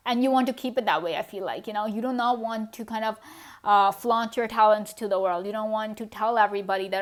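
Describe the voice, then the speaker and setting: A woman's voice: medium pitch, a little fast. A woman giving a casual pick-a-card tarot reading, talking straight to the viewer with lots of "you know" and little laughs.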